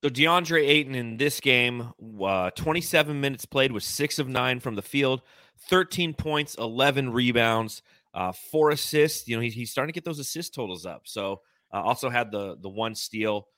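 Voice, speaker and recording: Bright-voiced man breaking down basketball stats. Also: mid-range voice, moderate pace, no room sound, studio quality. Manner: chatty, stat-heavy, animated breakdowns. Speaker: podcast co-host. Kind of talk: casual sports podcast analysis.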